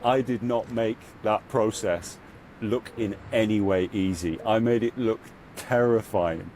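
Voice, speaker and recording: A man with a fairly low voice speaks as a podcast guest, telling his own story in a casual, heartfelt way. He fills his sentences with "you know" and lifts into loud, high bursts when he relives the hard parts. A faint hum of noise sits behind him. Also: a little slow. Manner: earnest, reflective storytelling with frequent "you know". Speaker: podcast guest, spiritual guide. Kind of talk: casual conversational interview.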